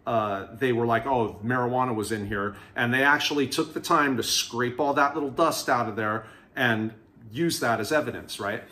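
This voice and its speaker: A man telling his own prison stories to camera in a casual, candid way, acting out the people he quotes. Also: mid-range voice. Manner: candid, animated retelling with quoted voices.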